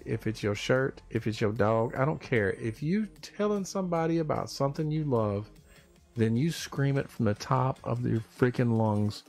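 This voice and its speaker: A man's voice: on the low side, darkish tone. A man hosting a casual live stream, talking in an emphatic, fired-up rant.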